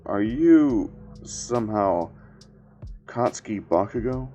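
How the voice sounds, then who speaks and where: A man doing a cold blunt teen boy, curt and profane, low dark voice, faint music behind. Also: lively intonation, slow pace. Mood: calm. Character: cold, blunt teenage boy with magnetic powers.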